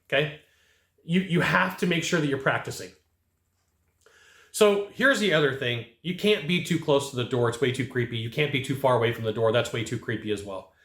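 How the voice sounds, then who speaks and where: A man's voice: on the high side, fairly bright tone. A middle-aged man coaching sales staff to camera, talking emphatically in punchy bursts and often tagging his points with "right?". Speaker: HVAC sales trainer. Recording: echoey room.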